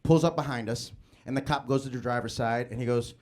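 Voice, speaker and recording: A man born in the Philippines and raised in Chicago performing a live stand-up set on a comedy club stage, telling stories with lively act-outs. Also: medium pitch, fast. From born in the Philippines, grew up in Chicago. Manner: animated storytelling, acting out scenes.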